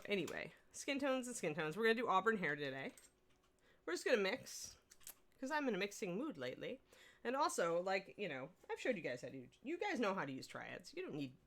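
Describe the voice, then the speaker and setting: Chatty woman hosting a painting stream. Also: fairly low pitch. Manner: chatty, talks to her pet and chat between tips. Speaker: miniature painting instructor and stream host. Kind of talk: casual livestream painting tutorial.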